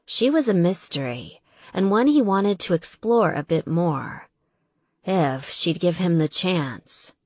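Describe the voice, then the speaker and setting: A woman narrating a romance novel in an expressive, unhurried storytelling manner. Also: lowish voice, no echo. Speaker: audiobook narrator. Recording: dry, slightly dull audiobook recording.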